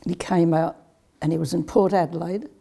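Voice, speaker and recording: An older woman answers interview questions in a plain, matter-of-fact way. Her low voice is husky and gravelly, with a dark, mellow tone. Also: fairly even intonation, normal speed. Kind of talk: reminiscing interview.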